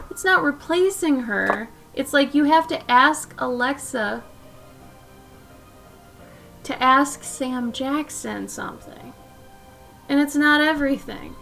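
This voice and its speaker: High-voiced woman chatting slowly on stream. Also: vocal fry. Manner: chatty, soft-spoken, drifting between asides. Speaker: live-stream artist host. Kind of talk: casual chat while drawing.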